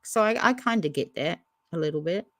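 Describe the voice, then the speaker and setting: A woman with a slightly low voice hosts a relaxed livestream. She reads out viewer comments and answers each one in easy, casual chat, as if talking to friends. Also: fairly quick, dry recording. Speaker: livestream host reading chat.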